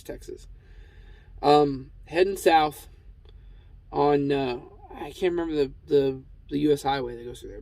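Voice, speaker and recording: A truck driver telling a casual, rambling story, with lots of fillers and restarts. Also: male voice, fairly high pitch, dry recording, rough recording.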